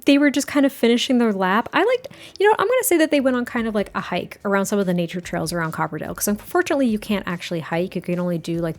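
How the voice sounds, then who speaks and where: Woman game narrator, chatty and effusive, mid pitch. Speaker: gaming content creator. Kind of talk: casual gameplay narration.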